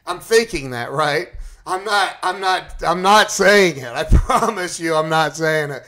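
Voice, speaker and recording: A man casually telling a personal story to his live chat, animated and acting out his own panic. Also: high voice, unhurried.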